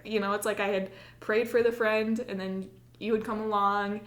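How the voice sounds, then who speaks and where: A woman's voice: mid-range voice, little pitch movement, moderate pace, hardly any pauses, fairly bright tone, roomy sound. A woman on a podcast telling a personal story in casual chat, full of "like" and acting out her own past lines. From United States. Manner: chatty, many likes, acts out her own past lines. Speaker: podcast co-host.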